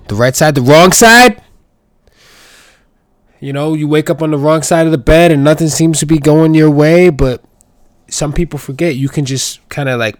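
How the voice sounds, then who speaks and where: A man's voice: a little high, a little mellow, no echo, studio quality. A man hosting his own podcast, talking casually with profanity and rambling playful asides. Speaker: podcast host. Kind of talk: casual solo podcast monologue.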